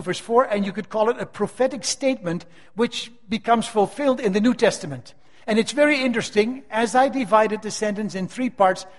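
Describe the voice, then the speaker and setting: Older preacher in a reverberant hall. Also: male voice, high-pitched. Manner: emphatic, slows down to stress key phrases. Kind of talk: sermon.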